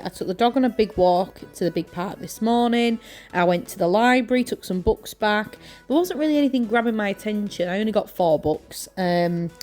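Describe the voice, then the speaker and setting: A woman's voice: mid-range voice, darkish tone. A young woman from East Yorkshire with an East Yorkshire accent, chatting casually to camera at home while crafting, rambling with lots of fillers. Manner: chatty and rambling, many fillers and self-corrections. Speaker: journaling vlogger.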